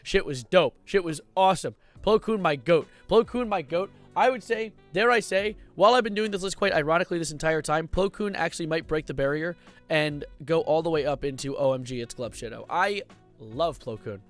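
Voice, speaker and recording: Young man, streamer, casual livestream commentary, excitable, rambling, swearing, fairly high voice. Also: fairly quick, faint music behind. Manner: excitable, rambling, swears, sudden loud outbursts.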